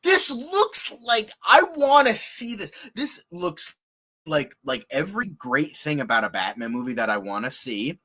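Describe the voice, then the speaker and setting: A man hosting a casual reaction show, excitable and rambling, swearing often and laughing. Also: a little high, a little slow. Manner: excitable, swears a lot, lots of filler words and laughs. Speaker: podcast host.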